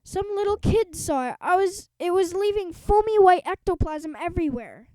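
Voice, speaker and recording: A woman voicing an excitable teenage cheerleader girl in a storybook reading, breathless and high. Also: normal speed, no room sound. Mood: frightened.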